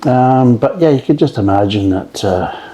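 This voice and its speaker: A man's voice: mid-range voice, expressive, moderate pace, warm tone. A man reviewing beer in a casual, rambling way, swearing freely and drifting off into tangents. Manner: rambling, profane, digressive.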